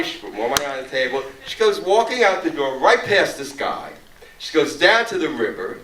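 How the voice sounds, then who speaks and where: A man's voice: on the high side, wildly swooping pitch, moderate pace, bright, forceful tone, slight background noise. A man telling a story at a discussion after a film screening, acting out the voices of the people in it. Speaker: panel speaker. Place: theater auditorium. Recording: echoey room, far from the mic.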